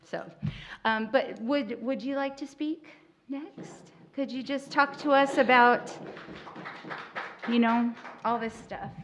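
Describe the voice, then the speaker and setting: A woman moderating a panel discussion at a festival workshop, speaking in a heartfelt, halting way with many pauses and fillers. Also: fairly high pitch, slight background noise. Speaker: panel moderator, tribal spokesperson. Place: festival workshop room, live audience.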